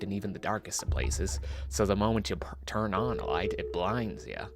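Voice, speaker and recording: A man's voice: sits low, animated, moderate pace, creaky, hardly any pauses, music in the background. A man streaming a game, musing in a casual, rambling way with self-mocking asides. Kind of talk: casual rambling gameplay commentary.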